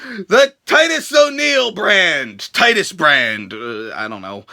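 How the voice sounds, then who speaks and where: A young man with a very high, bright and gravelly voice hosts a ranting review show. He mocks and swears freely, his pitch swinging widely as he shouts now and then. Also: sing-song, slow. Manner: crude, sarcastic, mocking, shouts. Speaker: show host reviewing wrestling.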